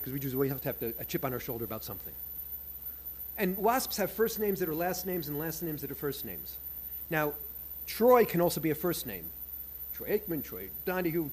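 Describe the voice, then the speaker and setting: Older New York professor, husky, pitched a bit high, wry and animated storyteller at a podium. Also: male voice. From United States. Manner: animated, humorous, wry asides. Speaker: professor and conference speaker. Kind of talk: storytelling lecture.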